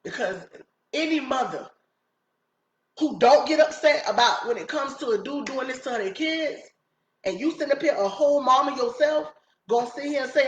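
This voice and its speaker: A woman's voice: high-pitched, expressive, normal speed, dull audio, slight background noise. A woman vlogger giving emphatic, repetitive casual commentary as a mother reacting to online drama. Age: adult mother. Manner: emphatic, ranting, repeats herself. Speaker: YouTube vlogger. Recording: roomy echo.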